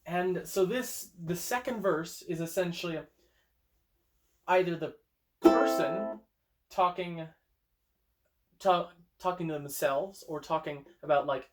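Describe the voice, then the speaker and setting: A man's voice: high voice, slow, long pauses. A young man chatting casually while playing guitar in a room at home, thinking aloud with hesitant restarts, recorded on a phone. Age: young adult. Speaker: amateur songwriter streaming a guitar session.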